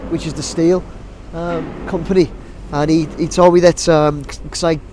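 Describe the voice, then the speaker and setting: Stuffed up with a cold, this male drone vlogger rambles through a casual outdoor chat beside a busy construction site, full of ums and false starts. His pitch sits on the high side and barely moves, and his delivery is unhurried and mellow. Wind and faint site and traffic sounds drift in behind him.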